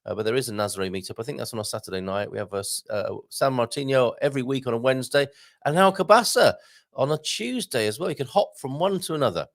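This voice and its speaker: A man's voice: mid-range voice, lively intonation, fast talker, no room sound, clean studio sound. A man from Britain hosting a casual live show, reading out viewer comments with jokey asides. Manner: chatty, jokey, reads comments aloud with asides. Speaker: host.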